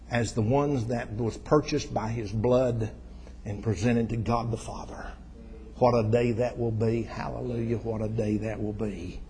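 A man preaching a sermon. He tells stories, swells to loud, fervent peaks, then drops soft. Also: mid-range voice, steady tone, normal speed, long reverb tail, slight background noise, low-quality recording.

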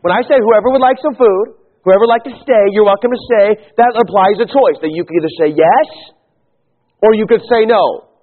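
High-voiced preacher man, tinny sound. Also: fairly quick. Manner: emphatic preaching, swinging between quiet lows and raised pleas. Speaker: pastor. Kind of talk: sermon.

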